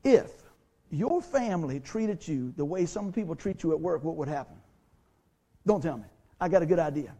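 Speaking at normal speed with a mellow, animated, fairly high voice, a middle-aged pastor delivers a sermon in his church sanctuary. He keeps it folksy and conversational, voicing the people in his stories as he quotes them.

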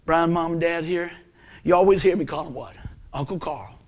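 High-voiced preacher man. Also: moderate pace. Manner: emphatic, animated preaching with folksy asides. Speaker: pastor. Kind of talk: sermon.

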